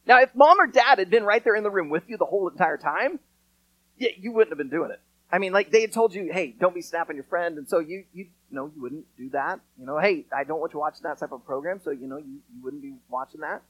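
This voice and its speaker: A man's voice: a little high, lively intonation, fast talker, a bit bright, no room sound, poor audio. A man preaching a sermon as pastor, talking to the congregation in an earnest, conversational way with touches of dry sarcasm.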